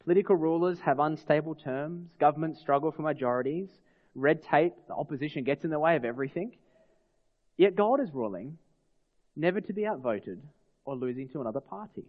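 Earnest pastor preaching in a hall. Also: male voice, a little high, animated, fairly quick. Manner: earnest, asks the congregation rhetorical questions. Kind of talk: sermon. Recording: long hall reverb, dull lo-fi sound.

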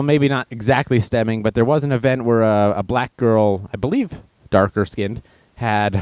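A man's voice: medium pitch, a little mellow, dry recording. A man hosting a casual news show, reading stories aloud and mocking them with sarcastic asides. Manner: sarcastic, mocking with put-on voices; reads headlines then riffs on them. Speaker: show host.

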